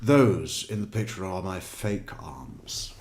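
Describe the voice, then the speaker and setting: A man's voice: sits low, lively intonation, takes it slowly, noisy background. A man giving casual true crime commentary, sarcastic and mocking as he mimics what he watches.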